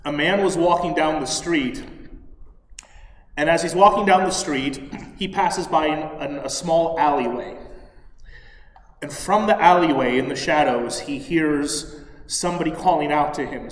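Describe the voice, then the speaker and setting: A man leading a service and giving a sermon, telling a story in an unhurried way and clearing his throat now and then. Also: fairly high pitch. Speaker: service leader. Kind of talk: sermon with a told joke. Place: synagogue sanctuary. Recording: echoey hall, far from mic.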